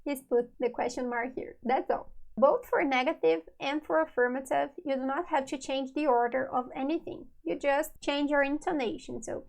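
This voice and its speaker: Woman, language teacher, high pitch, gravelly fry, slow patient delivery. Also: rough recording. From Brazil. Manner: slow, patient, repeats each example. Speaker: Portuguese teacher. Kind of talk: online language lesson.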